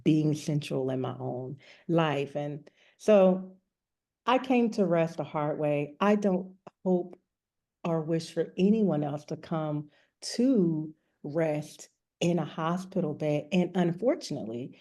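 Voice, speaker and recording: A woman's voice: low voice, expressive, slow, warm tone. A woman who works as a rest coach and author, frankly and earnestly telling a personal story as an interview guest.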